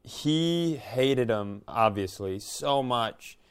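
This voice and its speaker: A middle-aged man co-hosts a casual podcast chat with a smooth, resonant voice. He tells a story in a loose, rambling way and swears freely as he goes. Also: mid-range voice, lively intonation, drawn-out words. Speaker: podcast co-host.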